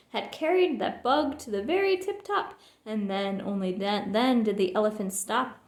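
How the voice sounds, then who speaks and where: A woman reading a rhyming picture book aloud in a lively, expressive storytelling manner. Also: a little high. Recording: roomy echo.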